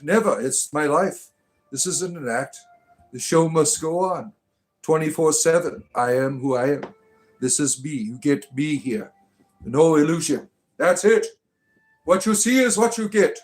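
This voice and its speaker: An older man rambling through mock-spiritual replies to comments, halting and chuckling, with an irreverent deadpan manner. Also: a little high, faint music behind. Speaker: comedic spiritual character responding to comments. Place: Ireland.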